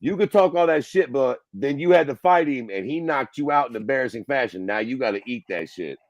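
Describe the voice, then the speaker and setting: A man's voice: mid-range voice, expressive, a little fast, dry recording. A man co-hosting a casual podcast, talking bluntly and profanely. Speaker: podcast co-host.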